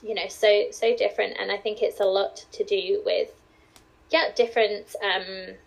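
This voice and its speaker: A British woman with a formal English accent, speaking as a guest on a podcast. Her voice sits in a middle pitch for a woman. She chats easily, laughs often and hedges what she says. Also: fairly even intonation, moderate pace, gravelly, low-quality recording. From United Kingdom. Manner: chatty, laughs often, hedging. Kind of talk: casual podcast conversation.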